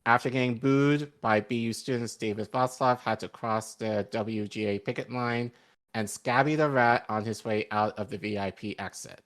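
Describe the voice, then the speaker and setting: A man co-hosting an online news show, reading an article aloud with comments, halting with ums and self-corrections, a hint of a Boston accent slipping in. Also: medium pitch, fairly even intonation, a bit bright. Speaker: podcast co-host.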